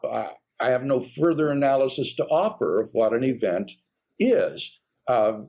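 Slow, husky-voiced man speaking deliberately. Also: mid-range voice, darkish tone. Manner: deliberate, careful phrasing. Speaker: guest philosopher. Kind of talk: measured spoken rebuttal in conversation.

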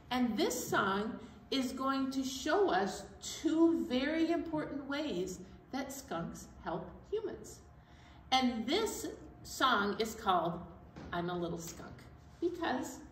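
A woman co-hosting a children's storytime, upbeat and explaining things to kids. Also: fairly high pitch. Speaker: children's librarian co-host. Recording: echoey room, distant mic, faint noise.

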